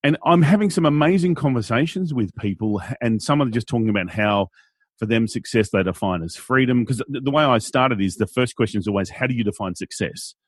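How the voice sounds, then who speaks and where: Australian man, husky, dry recording, playful interview talk. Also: mid-range voice, brisk, dry recording. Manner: animated, playful, acts out quotes in silly voices. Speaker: guest, event MC. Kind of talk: conversational interview.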